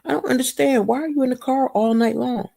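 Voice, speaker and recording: An exasperated husband, shrill and incredulous, who cannot understand what is wrong, as a woman puts him on in a high, raised voice. The tone is pushy and dismissive. The voice keeps a gravelly rasp. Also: fairly even intonation, a little fast, mellow. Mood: baffled.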